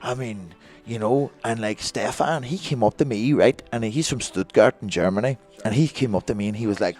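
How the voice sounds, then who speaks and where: A man in his thirties, a guest telling a sweary, excitable story and acting out what others said. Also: medium pitch, a little fast, hardly any pauses, faint music behind. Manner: sweary, excitable, acts out other people's lines. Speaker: guest, former film extra. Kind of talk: animated storytelling.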